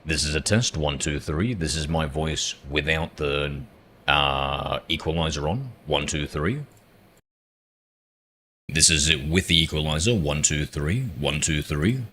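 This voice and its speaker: A man with a very deep, bright voice speaks unhurriedly and forcefully while live-streaming a game, with slight background noise. He chats casually with viewers, rambling, poking fun at himself and reading their messages aloud. He uses a streaming mic with a noise suppression filter.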